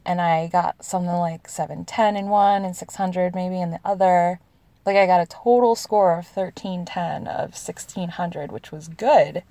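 A woman in her thirties from the United States answers questions by telling personal stories in a casual, confessional way. Her low, mellow voice has vocal fry, with no echo, and she's chatty, laughs often, and says "like" a lot.

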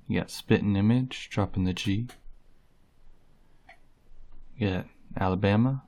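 A man doing a casual tag video, reading words off a list in an unhurried way with frequent "uh" fillers. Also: lowish voice, vocal fry, darkish tone. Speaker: vlogger.

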